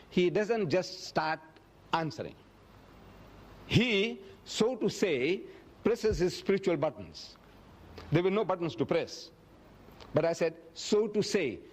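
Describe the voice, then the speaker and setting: A man giving a public religious lecture, acting out quoted speech dramatically and slowing down to stress key phrases. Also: sing-song. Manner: dramatic, acts out quoted speech with big pitch swings.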